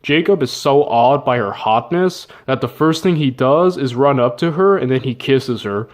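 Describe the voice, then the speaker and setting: A man's voice: medium pitch, normal speed. A man casually retelling an old story with jokes, slang and asides. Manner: joking, slangy, with fillers and laughs. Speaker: narrator.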